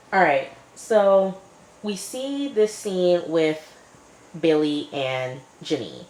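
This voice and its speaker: A woman casually retelling a TV episode, chatty and loose, full of filler phrases. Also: sits low. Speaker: TV episode reviewer. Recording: echoey room.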